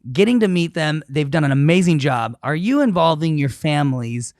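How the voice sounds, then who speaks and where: A man co-hosting a casual business podcast, chiming in with enthusiastic comments and quick affirmations. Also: fairly high pitch, lively intonation, dry recording, clean studio sound. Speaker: podcast co-host.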